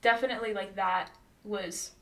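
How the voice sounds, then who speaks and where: A woman's voice: mid-range voice, fairly even intonation, normal speed, vocal fry, recorded from a distance. A young woman telling stories in casual chat, rambling with many fillers and bursts of laughter.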